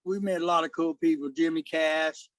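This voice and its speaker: Joking high-strung man, high voice. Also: steady tone, moderate pace, fairly bright tone, dry recording. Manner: joking, high-strung, says bro and dude. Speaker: podcast guest. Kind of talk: casual interview chat.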